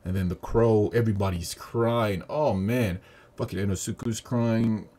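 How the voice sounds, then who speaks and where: A man giving a casual, profane, animated review of a movie he just saw. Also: fairly low pitch, measured pace. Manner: profane, animated retelling with acted quotes. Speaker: video reviewer. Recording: audio static.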